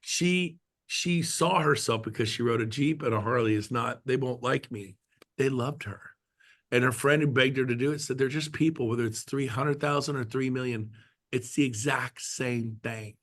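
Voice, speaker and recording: Speaking at normal speed in a mid-range, fairly bright voice, a middle-aged guest addresses a real estate team on a video call. He tells stories and cracks jokes, performing the quoted lines.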